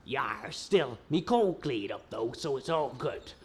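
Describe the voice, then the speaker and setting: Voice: medium pitch, animated, unhurried, a little mellow, slightly rough. A performer playing a growling old pirate captain in an amateur radio comedy. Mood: gruff.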